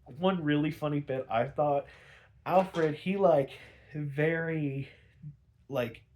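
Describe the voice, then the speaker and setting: A man's voice: on the high side, slow, a little mellow. Rambling young man recapping an episode. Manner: rambling with many fillers and chuckles. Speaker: show reviewer.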